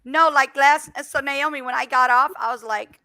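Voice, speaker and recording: High bright-voiced woman, animated laughing host. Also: moderate pace, no room sound. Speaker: live stream host. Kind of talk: casual live chat. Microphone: headset.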